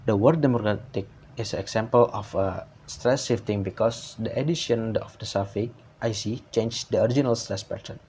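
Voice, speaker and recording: Guy reading his class slides, lowish voice, lots of uh and restarts, bit of background hiss. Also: darkish tone. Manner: halting, frequent uh fillers and restarts. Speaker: student presenter.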